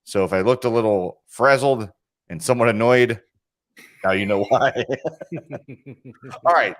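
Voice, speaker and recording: A man's voice: mid-range voice, unhurried. A man co-hosting a podcast in casual chat, a rambling storyteller, recorded in a studio with video cameras. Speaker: podcast co-host.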